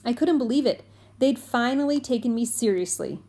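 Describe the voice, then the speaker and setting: Woman reader for a kids' chapter book, clear and steady, slightly higher voice. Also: normal speed. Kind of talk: reading a children's book aloud.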